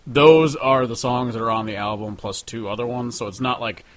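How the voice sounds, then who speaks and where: An easygoing young man from the Chicago area talks casually as a podcast co-host. He chimes in with laughs and relaxed, mid-pitched chat. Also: moderate pace.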